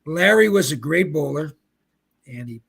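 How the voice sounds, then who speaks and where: A man in his seventies from Pennsylvania, a retired bowler and guest, telling rambling, animated anecdotes in casual chat. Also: a little high, normal speed, vocal fry, husky. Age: 70s. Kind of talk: casual storytelling.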